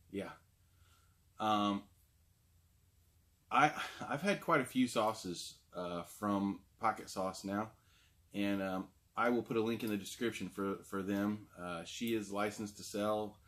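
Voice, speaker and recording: A man's voice: lowish voice, takes it slowly, long pauses, fairly bright tone, a little hiss or hum. A man hosting his own food review vlog, talking casually and rambling with lots of fillers. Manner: chatty and rambling, frequent fillers. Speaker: food review show host.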